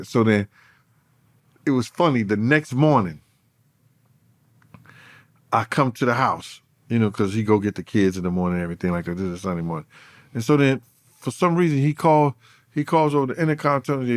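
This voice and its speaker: A man, a former bodyguard, telling stories in an interview with animated, profane speech that swings between loud and low. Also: a little fast, long pauses, no echo, clean studio sound. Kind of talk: storytelling in an interview.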